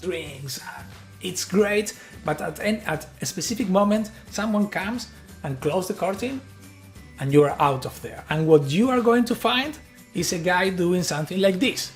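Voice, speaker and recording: A man's voice: sits high, expressive, moderate pace, soft background music. A man from Argentina, a native Spanish speaker with an Argentine accent, giving an earnest, persuasive tech conference talk built around an analogy.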